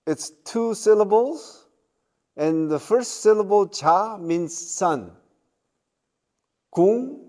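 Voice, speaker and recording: A man giving a university lecture, checking in with the class and pausing on fillers. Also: sits high, lively intonation, darkish tone. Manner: slow, with many fillers and checking questions. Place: lecture room.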